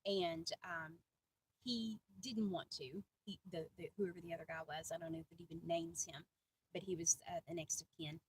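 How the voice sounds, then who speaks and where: A middle-aged woman giving a heartfelt personal devotional talk, earnest and pausing often. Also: fairly low pitch, fairly even intonation, recorded from a distance, slight background noise, poor audio. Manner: earnest, heartfelt, with many pauses and fillers. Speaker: Christian video host.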